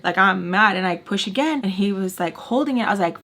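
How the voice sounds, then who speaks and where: Gravelly-voiced young woman telling a story. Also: medium pitch, expressive, a little fast, a bit bright. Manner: heavy swearing, frequent "like" fillers; blunt and heated. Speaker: storytime vlogger. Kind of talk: casual storytelling.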